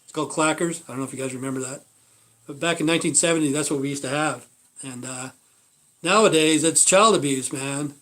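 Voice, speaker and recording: A man in his fifties from the United States rambles through a casual livestream monologue, blunt and foul-mouthed. His voice sits a little high for a man, and sentences often fade into a mumbled "you know". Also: a little fast, a bit bright. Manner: blunt, swears constantly, trails off with "you know". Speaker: livestream host.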